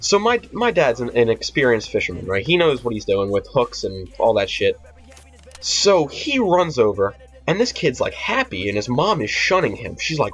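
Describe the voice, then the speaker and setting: This storytime vlog comes from a teenage boy whose medium-pitched, slightly bright voice swings widely in pitch at a moderate pace. The tale is rambling and profane, full of fillers and restarts, and the dull lo-fi audio carries faint music.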